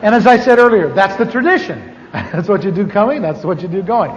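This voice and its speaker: Middle-aged man, comic sermon storyteller, high voice, old lo-fi hall recording with faint hiss. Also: fairly quick. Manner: animated storyteller, self-mocking, repeats phrases. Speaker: preacher. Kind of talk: humorous testimony sermon. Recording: echoey hall, dull lo-fi tape.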